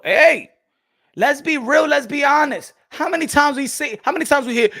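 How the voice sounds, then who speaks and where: A man with a very high-pitched voice rants a little fast through loud, profane, mocking boxing commentary, occasionally switching into Spanish phrases.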